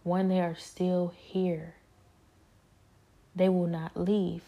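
Husky low woman, earnest testimony. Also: flat delivery, very slow, mellow. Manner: earnest, repetitive, often drops to a whisper. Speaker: speaker sharing a personal spiritual struggle. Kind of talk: personal testimony monologue.

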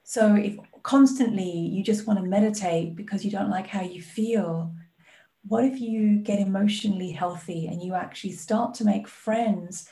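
A woman guest on a podcast, a life coach talking in an animated, earnest way. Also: medium pitch, moderate pace. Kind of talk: podcast conversation.

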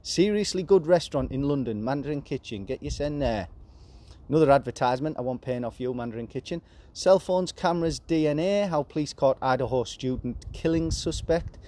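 A man in his forties hosting a casual podcast, reading news headlines aloud with deadpan, sarcastic asides. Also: a little high, a little fast. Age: 40s. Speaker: podcast host.

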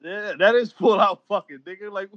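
A man's voice: high voice, normal speed, a bit bright. A young man co-hosting a podcast, chatting casually in profane, laughing banter. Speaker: podcast co-host. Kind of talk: casual chat. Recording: dull lo-fi sound.

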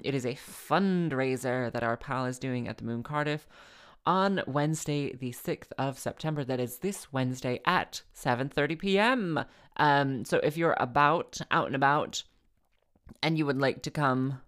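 A woman's voice: a bass voice, a bit bright. A woman hosting her own podcast, chatting casually and tiredly, rambling and restarting her phrases with self-deprecating asides. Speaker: podcast host. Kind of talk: casual solo chat.

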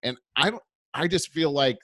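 A man's voice: fairly high pitch, normal speed, bright, forceful tone, no echo. A man in casual conversation as podcast co-host, telling stories animatedly and acting out quoted voices.

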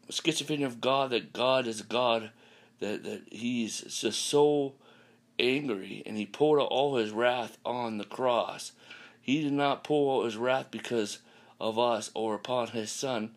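A man delivers a podcast sermon in a gravelly, creaky voice of middling pitch. He repeats his points and sprinkles hallelujahs and amens throughout. His delivery halts often, with ums and false starts. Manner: repetitive, peppered with hallelujahs and amens; halting, with restarts and ums. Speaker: preacher.

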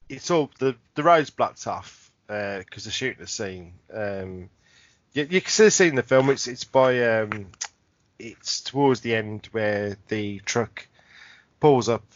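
A man's voice: medium pitch, expressive, slow pace, no room sound, dull audio. Male podcast co-host, rambling swearing storyteller, dry room. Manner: rambling anecdote, frequent laughter and swearing. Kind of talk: casual chat.

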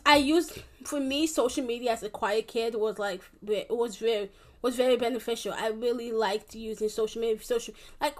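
A young woman telling a personal story to the camera in a casual, rambling way, with many restarts and fillers. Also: on the high side. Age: young adult. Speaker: vlogger.

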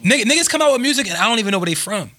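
A man's voice: high-pitched, expressive, very fast, pushed and bright. A young man, arguing his point insistently in a casual podcast chat and repeating himself.

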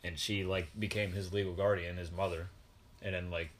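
A man's voice: sits low, flat delivery, a little hiss or hum. A man in his twenties chatting casually, offhand and profane. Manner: offhand and profane, talks fast. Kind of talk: casual chat.

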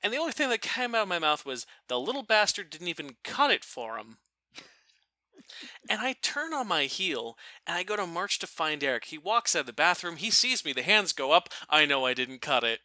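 A man casually telling a funny family story, animated and profane, laughing now and then. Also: on the high side, fairly quick, dry recording. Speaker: storyteller guest.

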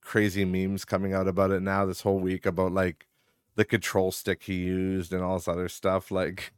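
A man's voice: deep voice, monotone, moderate pace, clear, resonant tone, no room sound, clean studio sound. A man hosting a podcast in casual rambling chat, swearing and laughing often, sounding tired. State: tired, yawning. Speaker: podcast host.

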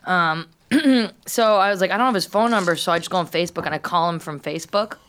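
A woman's voice: on the low side, quick pace, fairly bright tone. A young woman in a studio, rambling through a casual story and acting out the lines of the people in it. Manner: rambling, acts out quoted lines. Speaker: podcast co-host.

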